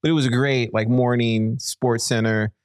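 A man's voice: medium pitch, fairly even intonation, moderate pace, dry recording, clean studio sound. A man hosting a casual podcast, easygoing and encouraging, talking loosely with many fillers. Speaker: podcast host.

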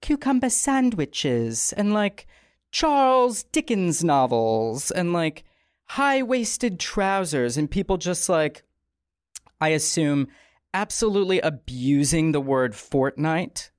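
A woman hosting a comedy podcast in a studio, with a raspy, strained throat, telling a story in a playful, rambling way full of asides. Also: fairly low pitch, very animated, takes it slowly, no room sound. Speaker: podcast host.

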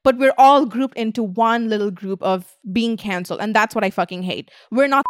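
A woman's voice: fairly high pitch, normal speed, no room sound, studio quality. A young woman hosting a podcast, ranting bluntly and swearing a lot in casual chat. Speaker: podcast host.

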